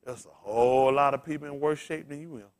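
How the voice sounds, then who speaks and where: A male pastor giving a casual, storytelling sermon, asking his congregation questions and swinging from loud bursts to quiet murmurs. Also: mid-range voice, brisk. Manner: conversational preaching, swings from loud excited peaks to quiet murmurs.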